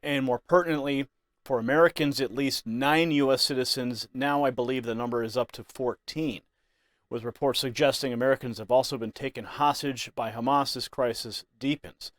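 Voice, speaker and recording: A man's voice: mid-range voice, steady tone, normal speed, dry recording. Brief: male voice-over narrator, scripted news special, grave emphasis, dry studio sound. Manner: ominous, emphatic delivery.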